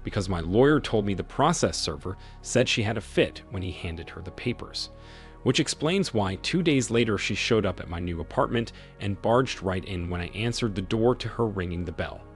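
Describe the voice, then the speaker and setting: A man narrating a dramatic first-person story in an expressive storytelling manner. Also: on the low side, normal speed. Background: faint music.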